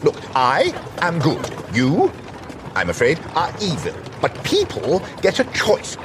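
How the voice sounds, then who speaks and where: A man's voice: on the high side, huge pitch swings, measured pace. An actor playing a prim, earnest male angel who lectures insistently on good and evil, in a TV drama clip. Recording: show clip with outdoor noise and horses.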